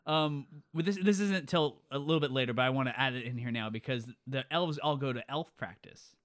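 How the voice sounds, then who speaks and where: A man's voice: medium pitch, fairly quick, fairly bright tone, no room sound, clean studio sound. A man in casual chat, rambling and leaning on "like", laughing often.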